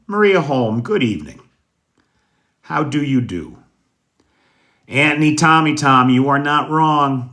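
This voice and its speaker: An American man hosting a casual livestream news show, greeting viewers by name in a folksy, unhurried way. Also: mid-range voice, sharp tone. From United States. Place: indoors at night.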